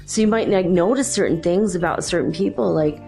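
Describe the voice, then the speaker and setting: A woman's voice: lowish voice, a little fast, gravelly, warm tone, soft background music. A woman hosting a spiritual talk show, speaking in a rambling, chatty way with lots of filler words. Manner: rambling, chatty, full of "you know" and "like". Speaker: podcast host.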